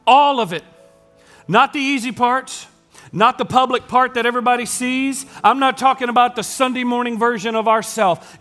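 A man preaching a sermon as pastor, dropping to hushed lines and then building up loud as he tells a story. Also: very high-pitched.

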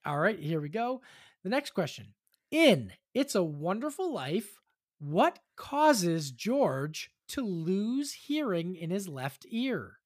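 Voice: medium pitch, sing-song, slow. A podcast host running a casual quiz with friends over a video call, chatty and full of fillers and restarts.

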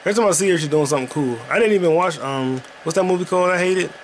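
A man's voice: high voice, rapid-fire, slight background noise. A man hosting a podcast, chatting casually and profanely while he plays a video game. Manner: rambling, profane, jokey. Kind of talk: casual gaming commentary.

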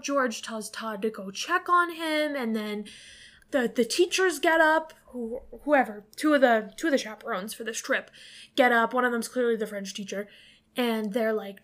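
Woman podcast co-host, higher register, rambling casual recapper, curses freely. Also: fairly bright tone. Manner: rambling, filler-heavy, swears freely. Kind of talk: casual movie recap chat.

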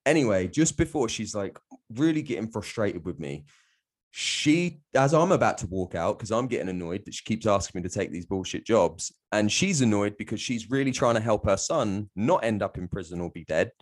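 A man's voice: lowish voice, expressive, normal speed, husky. A man, telling a candid personal story as a guest in a blunt, sweary way, often laughing.

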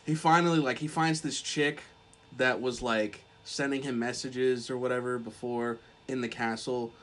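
A man's voice: medium pitch, fairly even intonation, moderate pace, a bit bright. Young man rambling in casual podcast chat. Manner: rambling, swears a lot, heavy use of "like". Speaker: podcast co-host.

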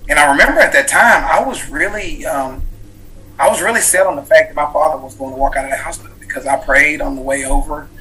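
An author in his thirties, appearing as an interview guest, recounts a personal story that changed his life. His bright, forward voice sits a little high and moves fast, and he speaks earnestly and reflectively, with lots of fillers and restarts. The recording quality is low.

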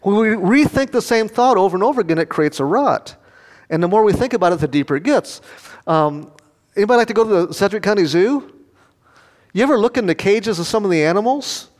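An older male pastor preaches in a folksy, storytelling way, tossing questions out to the congregation. His voice sits a touch higher than most men's. It rings out with the long reverb of a large church hall. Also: animated, a little fast. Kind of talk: sermon.

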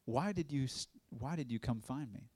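A male evangelist shares his testimony from the pulpit, a lively storyteller who slips into the voices of the people in his story and laughs easily. His voice sits at an ordinary middle pitch. The sound is dry and close, with little room around it. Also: normal speed, dry recording. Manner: animated storytelling, acts out quoted voices, laughs often. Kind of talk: testimony sermon.

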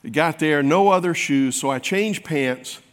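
A man's voice: on the high side, unhurried. A man preaching a sermon, telling a folksy, self-mocking story to his congregation. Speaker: pastor. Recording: long hall reverb.

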